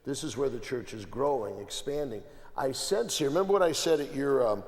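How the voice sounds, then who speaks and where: A man's voice: medium pitch, animated, a little fast, darkish tone. A man from the American Midwest, an archbishop speaking as a guest on a panel. He talks emphatically, piling up repeated phrases and restarting his sentences. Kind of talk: conversational panel talk. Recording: long hall reverb.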